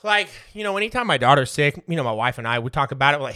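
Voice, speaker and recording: A man's voice: medium pitch, big pitch swings, quick pace, bright, forceful tone, smooth, no room sound, clean studio sound. A man in his thirties hosting a podcast, telling casual stories, swearing freely and laughing through them. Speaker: podcast host. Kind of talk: casual storytelling.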